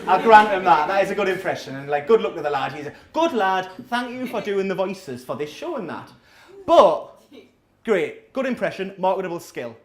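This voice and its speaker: A thirtysomething comedian with a high, sing-song voice talks at normal speed through a rambling, self-deprecating stand-up set full of swearing. He's performing indoors at a small coffee shop venue, and the room sounds echoey.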